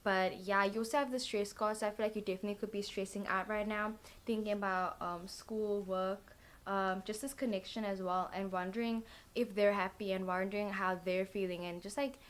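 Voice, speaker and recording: A woman's voice: medium pitch, steady tone, brisk. A tired young woman giving a casual, chatty tarot reading, rambling with lots of filler words. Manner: rambling, full of "like" and "literally" fillers. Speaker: tarot card reader.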